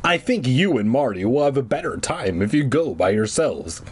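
A man puts on a calm, kindly father in a children's horror story. He speaks softly and reassuringly, with a lively lilt. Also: mid-range voice, normal speed, husky. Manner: soft, reassuring.

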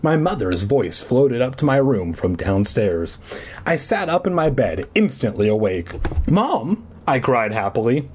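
Husky man doing a mock-dramatic read. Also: medium pitch, very animated, moderate pace, a little mellow. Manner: mock-dramatic reading with crude asides. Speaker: reader. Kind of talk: comedic reading of a children's book.

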